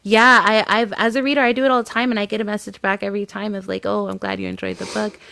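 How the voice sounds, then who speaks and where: A woman's voice: medium pitch, little pitch movement, fast, vocal fry, pushed and bright, slight background noise. A woman hosting a video-call interview, emotional and effusive, laughing often. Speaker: host. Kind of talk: casual video-call chat.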